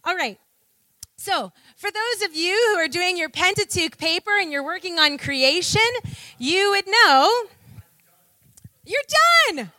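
Lively, animated woman preaching. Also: very high voice, measured pace, dry recording. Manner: lively preaching, rhetorical questions and call-and-response. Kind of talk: sermon.

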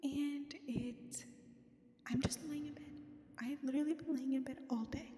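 A woman's voice: high-pitched, steady tone, normal speed, warm tone, reverberant, long reverb tail. A woman chatting casually into her phone while lying in bed, rambling and swearing, often dropping to a whisper. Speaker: podcast host.

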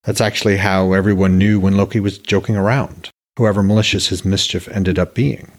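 Male author-narrator for fantasy audiobook; deep husky voice, steady storytelling. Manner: measured, descriptive storytelling. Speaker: author reading his own novel.

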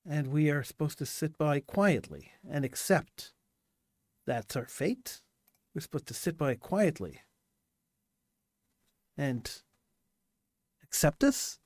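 A man's voice: a little high, animated, slow pace, long pauses, no echo, clean studio sound. A man delivering an impassioned monologue commentary, hammering points home with repeated rhetorical questions.

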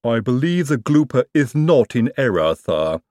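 Male narrator as a doleful, deferential manservant, drawn-out and gloomy. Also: medium pitch, very animated, a little mellow, dry recording, clean studio sound, pitched above the performer's own voice.

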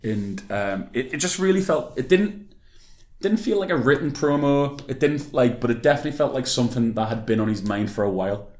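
A man's voice: medium pitch, expressive, a little fast, darkish tone, reverberant. A man co-hosting a casual podcast chat, laid-back and sweary. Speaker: podcast co-host. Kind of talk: casual chat about wrestling.

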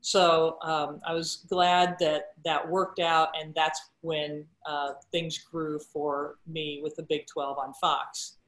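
A middle-aged woman, a sportscaster and guest, telling stories about her career in a casual chat and acting out the quoted dialogue with lively energy. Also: deep voice, slow, hardly any pauses. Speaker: guest broadcaster. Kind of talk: casual storytelling interview. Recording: roomy echo.

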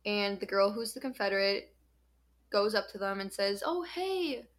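A woman's voice: medium pitch, level tone, normal speed. A young woman co-hosting a podcast, explaining a study in a chatty way with lots of fillers. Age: young adult. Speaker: podcast co-host. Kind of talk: casual podcast chat.

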